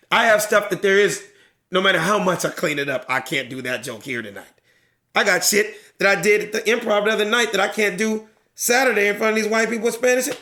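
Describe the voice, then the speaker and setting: Middle-aged male comic, fairly high, bright delivery; animated storyteller who slips into character voices. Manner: animated storyteller, acts out crowd voices, swears freely. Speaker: stand-up comedian, podcast guest. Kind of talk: casual podcast chat, retelling a stand-up bit.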